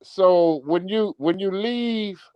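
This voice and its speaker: A man's voice: high voice, slow, clear, resonant tone, dry recording, muffled recording. A man on a live stream panel, probing and questioning the others in casual talk. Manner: probing, questioning, laughs easily.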